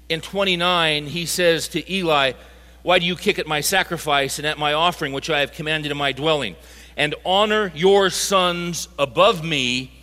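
High, bright-voiced male preacher. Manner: animated, builds to emphatic peaks. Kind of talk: sermon. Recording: live talk in a reverberant hall.

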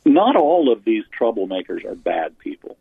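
On a phone line with no room sound, a male author and pastor is interviewed about church leadership. His lowish, gravelly voice is slightly rough and sing-song, moving at a moderate pace as he earnestly explains his points, restarting often.

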